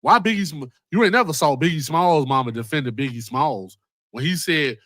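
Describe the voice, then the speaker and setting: Rambling livestream host, slangy and profane, slightly high, dry. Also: male voice, moderate pace, fairly bright tone, dry recording. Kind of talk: casual livestream talk.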